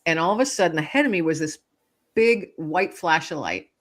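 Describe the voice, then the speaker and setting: A woman who is a guest author, telling a personal story in a casual interview and acting out the quotes with lively expression. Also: sits low, brisk.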